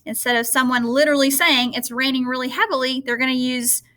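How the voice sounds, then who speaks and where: Bright high-voiced woman teacher. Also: fairly even intonation. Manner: patient, explains slowly with many okays. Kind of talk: remote classroom lesson.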